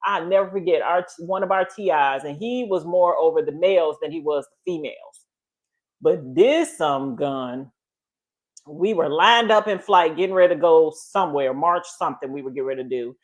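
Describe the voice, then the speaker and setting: A middle-aged woman telling stories in a casual chat, animated, often laughing and acting out quotes. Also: deep voice, moderate pace. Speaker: guest storyteller.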